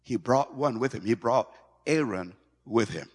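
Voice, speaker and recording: A male pastor preaching a sermon in an animated way, stumbling over and repeating words as he goes. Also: medium pitch, measured pace, husky. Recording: long hall reverb.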